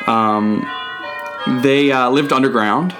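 A man's voice: mid-range voice, slow, music in the background. A man co-hosting a casual podcast chat, joking around with frequent fillers and reading facts aloud. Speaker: podcast co-host.

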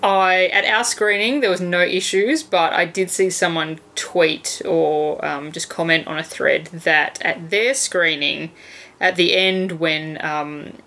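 A woman chatting about a film she has just seen, in a candid, easygoing way. Her voice sits a little low for a woman, and she often pauses on "um" and "like.". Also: fairly even intonation, bright, forceful tone. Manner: chatty, candid, hesitant fillers. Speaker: podcast co-host. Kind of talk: casual film chat.

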